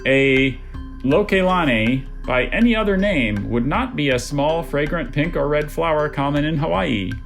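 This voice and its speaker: A spelling bee pronouncer reads words and definitions over a video call. The delivery is deadpan and the voice sits in a middle range, with faint music underneath. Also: medium pitch, normal speed, vocal fry.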